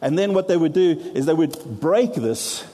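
A man preaching to a congregation, his voice mellow and dark in tone. He explains patiently and steps aside now and then to poke fun at himself. Long reverb hangs around his words in the hall. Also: on the high side, lively intonation, moderate pace. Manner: explains with props, self-deprecating asides. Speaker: pastor. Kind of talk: sermon.

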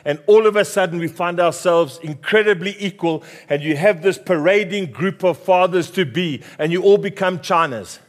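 A man's voice: high-pitched, normal speed, hardly any pauses. A middle-aged South African man, a pastor, preaching a passionate sermon with emphatic repetition.

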